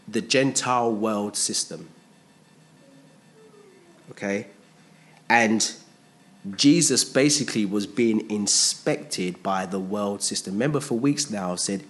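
A man preaching a sermon to a congregation, emphatic and fond of rhetorical questions, pushing his pitch up on key points. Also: a bit bright.

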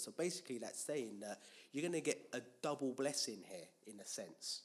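A man's voice: medium pitch, animated, normal speed. A man preaching a Bible teaching sermon, asking rhetorical questions and answering them himself, with frequent restarts and repeated words.

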